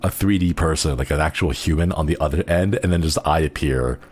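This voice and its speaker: Very deep-voiced man chatting in rambling tangents. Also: brisk, a little mellow, slightly rough. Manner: rambling, filler-heavy, giggly asides. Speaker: VTuber streamer. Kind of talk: casual chat.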